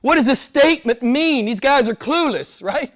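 A man preaching a sermon as pastor, moving between hushed, almost whispered lines and loud, emphatic passages. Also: very high voice, expressive, moderate pace.

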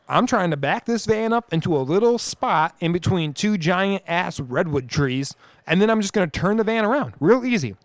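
Profane, animated storyteller man. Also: on the high side, no room sound. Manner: animated, profane storyteller acting out scenes loudly. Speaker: podcast co-host. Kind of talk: casual storytelling.

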